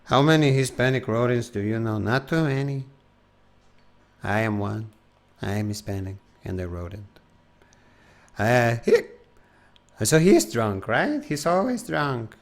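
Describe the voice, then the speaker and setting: Slow-talking man on a game stream. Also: medium pitch, expressive. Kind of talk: casual live-stream chat.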